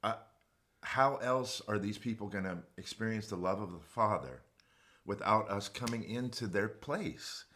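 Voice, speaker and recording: Earnest guy talking faith on a livestream, real low voice. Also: expressive, measured pace, a bit bright, slight background noise. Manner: earnest, speaks openly about faith. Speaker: guest vocal coach and producer. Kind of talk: casual livestream chat.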